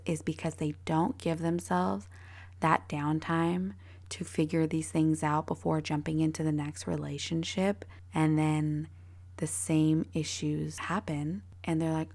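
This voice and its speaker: A young woman rambling through her solo podcast in a blunt, profane, casual way. Her voice sits a little low and carries a gravelly fry. She piles on fillers and curses as she goes. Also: a little mellow. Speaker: podcast host.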